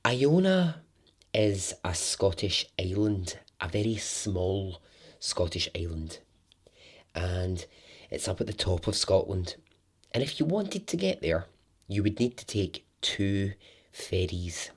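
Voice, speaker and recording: A man's voice: sits low, expressive, takes it slowly, husky. A man hosting a storytelling podcast, chatty and jokey with sarcastic asides.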